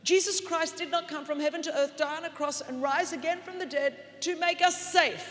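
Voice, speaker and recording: High-voiced Australian woman preaching hard. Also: a little fast, few pauses, in a large hall, a little hiss or hum. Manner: emphatic, swings from quiet to shouted declarations. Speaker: evangelist. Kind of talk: sermon. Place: large church hall.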